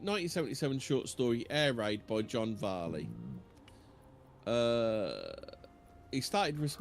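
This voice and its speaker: A man chats on a casual podcast with a voice that rises and falls a lot. He is animated and keen to cut in with his own points. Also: medium pitch, a little hiss or hum. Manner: animated, chatty, quick to interject. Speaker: podcast co-host. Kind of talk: casual chat.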